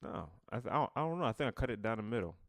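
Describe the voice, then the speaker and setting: A man's voice: fairly low pitch, sing-song, creaky, dry recording, clean studio sound. A man with a slight stutter co-hosting a podcast, chatting casually and choosing his words carefully. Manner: slow, careful wording, chuckling. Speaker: podcast co-host. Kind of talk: casual chat.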